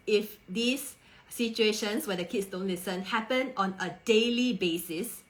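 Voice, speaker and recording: A woman's voice: mid-range voice, poor audio. Woman coaching parents on a live stream. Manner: warm-toned rhetorical questions, coaxing and empathetic. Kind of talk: live stream talk to viewers.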